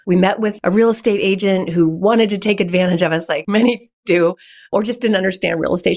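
Woman guest, low-pitched, animated storyteller who laughs a lot. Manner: animated, laughs often, acts out dialogue. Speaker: podcast guest, real estate investor. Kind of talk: conversational storytelling.

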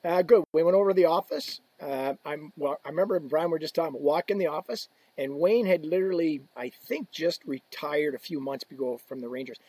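A man's voice: on the high side, brisk, few pauses, warm tone, slightly rough, dry recording, poor audio. A middle-aged man, a podcast guest, telling rambling stories full of quoted dialogue. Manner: rambling anecdotes with quoted dialogue and frequent laughs. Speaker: guest, equipment ambassador. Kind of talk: casual storytelling.

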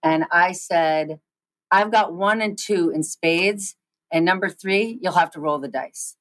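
Woman, forties, interview guest, animated storyteller, dry sound. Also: fairly low pitch, no room sound, poor audio. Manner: animated, fast storytelling with many restarts.

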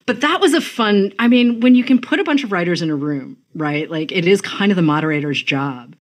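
A woman's voice: lowish voice, lively intonation. Chatty woman podcast host. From Massachusetts. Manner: chatty, enthusiastic, quick asides. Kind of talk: casual interview chat.

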